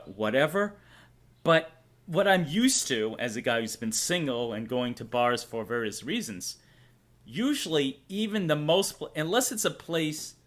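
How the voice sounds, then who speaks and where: A man's voice: medium pitch, fairly bright tone. A young man with a Boston accent hosts a casual livestream in a mid-range voice. He rambles through long stories, pads them with fillers, and swears freely while talking to his viewers. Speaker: streamer host.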